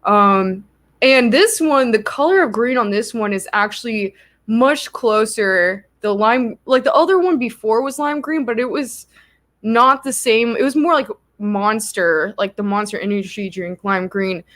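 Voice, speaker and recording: This is a young woman with a fairly high voice, chatting to her viewers. She tells her story in a casual, animated way and keeps filling it with "like.". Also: unhurried. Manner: chatty, lots of "like" fillers, animated retelling. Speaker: livestream host.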